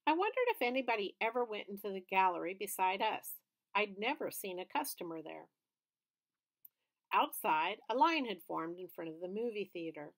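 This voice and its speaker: Woman, children's book read-aloud, steady expressive narration, mid pitch. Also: moderate pace. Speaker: storybook reader.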